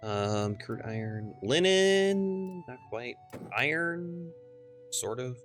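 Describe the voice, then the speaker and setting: A man's voice: mid-range voice, lively intonation, slow pace, faint music behind. A man streaming a strategy game, casually muttering and reading game text aloud as he plays. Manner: mumbling, reads game text aloud, trails off quietly. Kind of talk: casual gameplay commentary.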